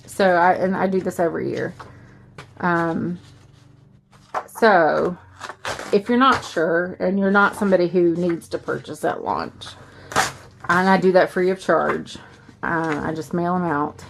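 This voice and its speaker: A woman's voice: fairly low pitch, unhurried, vocal fry, long pauses, noisy background. A woman with a Southern US accent, chatting casually and rambling as she walks through her planner setup. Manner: rambling, chatty, with fillers and asides. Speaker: planner vlogger.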